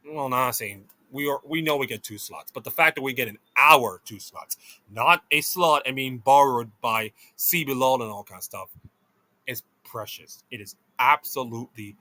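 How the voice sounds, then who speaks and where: Excitable Jamaican man gushing over esports. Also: a little high, no echo. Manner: excitable, gushing, swings between loud delight and muttered asides. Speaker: esports commentator. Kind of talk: reaction commentary vlog. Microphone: desk mic, webcam off.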